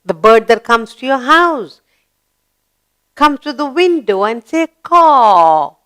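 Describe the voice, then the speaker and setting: Indian English woman, kids' spelling teacher; slightly high, smooth voice, letter-by-letter coaxing questions. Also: lively intonation, a little slow, fairly bright tone. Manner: spells out words letter by letter and coaxes children with questions. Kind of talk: children's spelling lesson.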